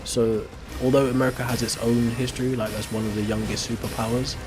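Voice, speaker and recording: A man's voice: mid-range voice, little pitch movement, fast talker, over music. An English man with a working-class accent, chatting casually while gaming and often asking "right?". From England. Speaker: streamer.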